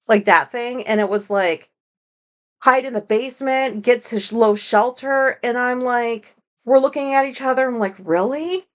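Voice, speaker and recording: Woman host, solo podcast, rambling monologue, swears a lot, stoned, a bit high-pitched. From United States. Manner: rambling, swears freely, self-mocking. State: high on marijuana.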